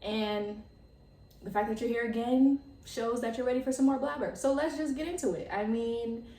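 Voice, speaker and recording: Excitable young woman chatting off-mic. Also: on the high side, moderate pace, roomy sound, far from the mic, a little hiss or hum. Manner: excitable, chatty, full of "like" and laughs. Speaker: podcast host. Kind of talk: casual chat.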